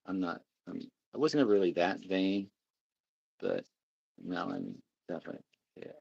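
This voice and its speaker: A man's voice: deep voice, huge pitch swings, moderate pace, creaky, a little mellow, slightly rough, dull audio. A middle-aged man hosting a casual livestream, rambling and reading out viewer comments. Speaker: livestream host.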